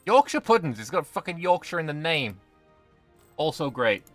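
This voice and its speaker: A man's voice: fairly high pitch, sing-song, moderate pace, dry recording, soft background music. A British man streaming a strategy game, bantering with chat and swearing casually. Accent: British English. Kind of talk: gaming livestream commentary.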